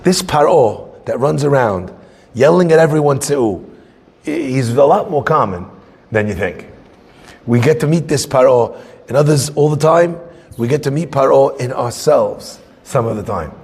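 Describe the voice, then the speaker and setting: A man teaching a Torah class as a rabbi, conversational and animated, acting out little scenes. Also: medium pitch, a little slow, gravelly, breathy edge, in a large hall.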